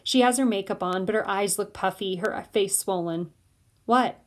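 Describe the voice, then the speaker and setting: A woman reading a novel aloud in steady first-person narration. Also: medium pitch, moderate pace. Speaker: audiobook reader.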